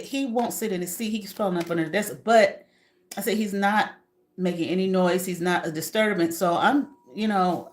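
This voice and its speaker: A woman content creator with a slightly low voice tells her live viewers stories about working as a substitute teacher. It's casual storytelling, full of animated, profane asides and frequent laughter.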